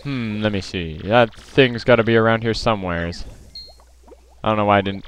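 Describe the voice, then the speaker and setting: A man's voice: fairly low pitch, fairly even intonation, a little fast, clean tone. Rambling man narrating gameplay. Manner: rambling, filler-heavy, self-correcting. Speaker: let's play commentator. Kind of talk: casual gameplay commentary.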